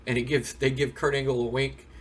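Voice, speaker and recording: A man's voice: medium pitch, flat delivery, brisk, husky. A man casually recapping a wrestling simulation game playthrough in a rambling, storytelling way. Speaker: game streamer.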